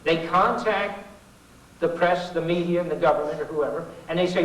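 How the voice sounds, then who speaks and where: A man's voice: on the high side, moderate pace, a bit bright. A middle-aged man giving an informal political talk to an audience, folksy and sarcastic, rambling with asides. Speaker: public speaker. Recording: echoey 1990s hall recording from far off.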